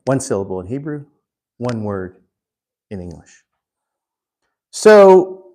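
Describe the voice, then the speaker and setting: A man teaching a Bible class in an unhurried way, putting questions to the class. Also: mid-range voice, very animated, a little mellow. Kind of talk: interactive Bible class lesson.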